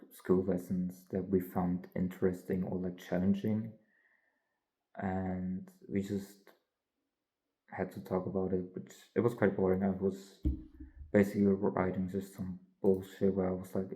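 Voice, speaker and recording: Young guy vlogging, low mellow voice, slow and kinda rambly. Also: low-quality recording. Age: young adult. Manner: candid, rambling, full of fillers and yawns. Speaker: college student. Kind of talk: casual vlog monologue.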